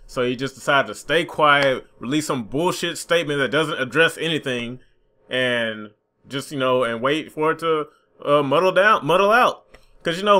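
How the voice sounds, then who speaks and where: A young man rants about a game release in a bright, tense voice that sits a little high. He sounds frustrated and swears freely, slipping into mocking sarcasm. It's a casual commentary vlog. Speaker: gaming YouTuber.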